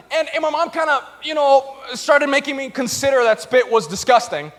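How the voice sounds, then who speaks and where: This young male pastor has a very high-pitched voice and talks a little fast. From the church stage he gives a comedic sermon, animatedly telling stories and performing other people's voices.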